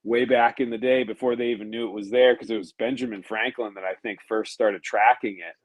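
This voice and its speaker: A man who races sailboats, talking through ocean routes in a relaxed, thoughtful way with frequent pauses. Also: lowish voice. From United States. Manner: explanatory, thoughtful, with frequent ums. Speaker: professional racing sailor guest. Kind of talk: relaxed conversational podcast chat.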